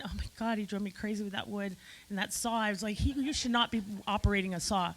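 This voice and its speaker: A woman's voice: a little high, rough recording. A woman giving an emotional, effusive eulogy at a memorial gathering, speaking straight to friends in the room.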